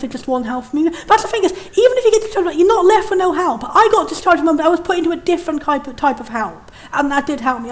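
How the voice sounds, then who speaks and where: A young woman reviewing games, talking frankly and rambling with many restarts and the odd swear. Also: sits high. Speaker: game reviewer. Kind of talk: candid game commentary.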